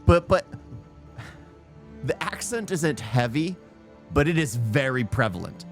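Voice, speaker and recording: A man's voice: on the high side, animated, a little slow, long pauses, soft background music. A man hosting a reaction video, giving rambling, casual commentary and laughing often.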